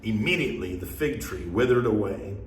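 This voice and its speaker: A man's voice: lowish voice, recorded from a distance. Man reading scripture aloud in a roomy space. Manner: measured, steady reading pace with pauses between phrases. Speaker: scripture reader. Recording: roomy echo.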